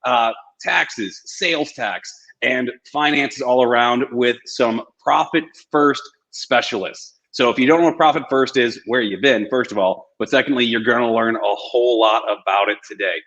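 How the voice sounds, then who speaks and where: Upbeat joking male webinar host, mid-pitched, dull video-call audio. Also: moderate pace, a bit bright. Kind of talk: casual webinar hosting.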